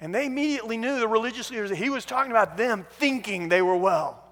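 A man preaching a sermon as a pastor, telling the story in an animated way with many restarts. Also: high voice, quick pace, in a large hall.

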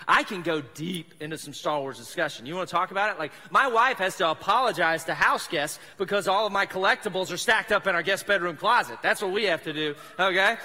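A pastor from South Mississippi with a Southern accent delivers a casual, joking sermon in a church sanctuary. His voice sits high and sounds bright and forceful, and he talks briskly with few pauses, staying chatty and poking fun at himself. The recording carries a long hall reverb from the church.

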